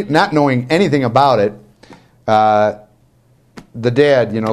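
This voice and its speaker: A man, a Catholic priest, telling chatty, self-mocking stories with many restarts in a relaxed talk. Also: medium pitch. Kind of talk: storytelling talk.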